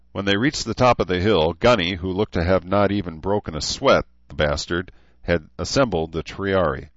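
A male narrator reads an audiobook in a steady, measured way. His voice is low. The recording is dull and lo-fi, close and dry with no room sound. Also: no room sound. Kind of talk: scripted narration.

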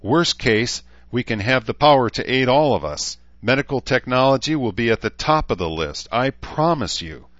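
A man's voice: medium pitch, lively intonation, normal speed, hardly any pauses, fairly bright tone, dry recording, muffled recording, pitched above the performer's own voice, close to an everyday voice. A man doing a firm, commanding woman leader. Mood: earnest, firm. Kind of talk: audiobook character voice.

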